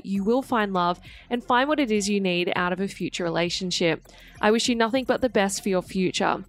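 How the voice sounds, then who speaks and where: A woman presenting scripted celebrity gossip news in a brisk, slangy read. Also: mid-range voice.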